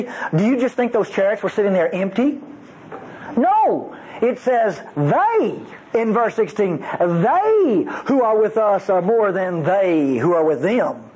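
A man with a drawl preaches a teaching sermon in a fairly high voice that leaps up and down as he leans on words. He is folksy and emphatic, dropping playful asides between readings of scripture. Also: slight background noise, rough recording. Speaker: Bible teacher.

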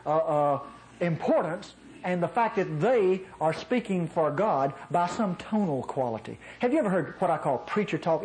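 A nasal-voiced man from North Mississippi delivers a conversational sermon in a homey style. His pitch swings widely as he drives points home, and he laughs easily. A faint hum of background noise sits under the voice. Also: low-quality recording. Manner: folksy, chuckling asides, animated emphasis. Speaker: preacher.

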